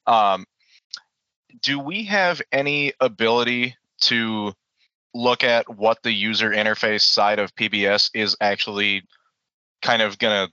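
A pilot asks a question politely and a little apologetically, hesitating with ums, over a video call. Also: male voice, fairly low pitch, a little slow, bright, forceful tone, smooth, no room sound. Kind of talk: meeting Q&A. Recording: dull dry video call audio.

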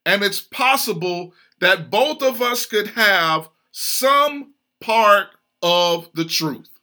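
A man's voice: high-pitched, animated, takes it slowly, pushed and bright. A man hosting a podcast, talking earnestly and with animation about conflict in marriage. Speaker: podcast host. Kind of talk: casual chat about marriage.

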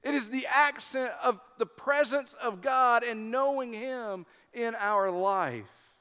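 A man preaching a sermon as pastor, deliberate and emphatic, pausing on key words. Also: very high voice, sharp tone, smooth. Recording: long hall reverb.

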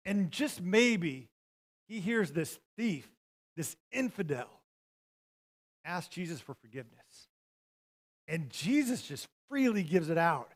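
A middle-aged man preaching with a high-pitched voice. He tells stories from the pulpit, leaping from loud, shouted bursts down to hushed, almost whispered lines. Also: big pitch swings, slow pace, pauses often. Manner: storytelling, swings from loud shouting to near-whispers. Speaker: pastor. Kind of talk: sermon.

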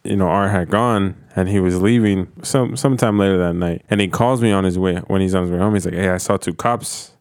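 A laid-back man telling a story among friends, swearing freely and laughing easily. His voice is low and clean. The sound is dry, with no room around it. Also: fairly even intonation, fast talker, hardly any pauses, a little mellow, clear, resonant tone, no room sound. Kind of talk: casual storytelling chat.

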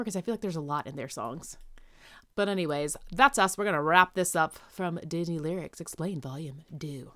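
A woman's voice: fairly low pitch, a little fast, fairly bright tone, no echo, clean studio sound. Chatty woman podcast host. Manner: chatty, laughs easily. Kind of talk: casual podcast chat.

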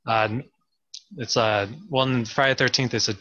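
A man hosting a podcast, chatty and quick to laugh in casual banter. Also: medium pitch, steady tone, bright, forceful tone. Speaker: podcast host.

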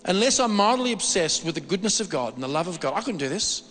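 Excitable high-voiced male preacher. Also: brisk, hardly any pauses. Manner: animated, repetitive, excitable delivery with frequent restarts. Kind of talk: sermon. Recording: long reverb of a hall.

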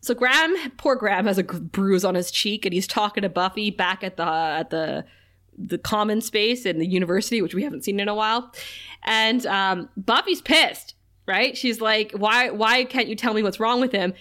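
A woman co-hosting a casual recap podcast, animated and laughing often as she retells scenes. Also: medium pitch, normal speed. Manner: animated, laughs often, reads quotes in a flat aside voice. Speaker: podcast co-host.

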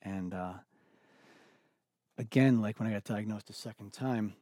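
A middle-aged man speaking as an interview guest, earnest and reflective, often halting and restarting his sentences. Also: fairly low pitch, warm tone, no room sound, clean studio sound. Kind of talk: candid personal conversation.

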